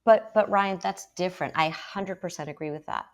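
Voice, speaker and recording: A woman talking in a lively debate about parenting, emphatic and quick to act out how parents speak. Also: lowish voice. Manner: emphatic, quick to mimic parents in put-on voices.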